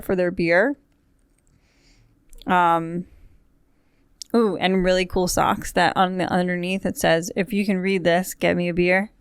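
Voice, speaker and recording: A woman's voice: lowish voice, smooth, no echo. A woman hosting a podcast, talking casually in a rambling, chatty way with wry asides, recorded in a studio. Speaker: podcast host. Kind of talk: casual chat.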